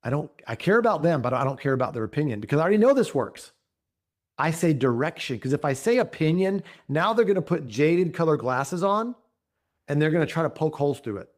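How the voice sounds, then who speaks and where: Energetic man coaching a training crowd. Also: on the high side, brisk. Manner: energetic, folksy, keeps asking "right?". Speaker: speaker at a business training. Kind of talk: coaching talk with role-played scripts.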